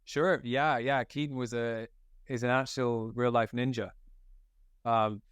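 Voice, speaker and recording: Man from Scotland, young adult, casual and slangy, mid-pitched voice, dry close sound. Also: a little slow, clear, resonant tone, dry recording. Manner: animated, slangy, many filler likes. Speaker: actor guest. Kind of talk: casual interview storytelling.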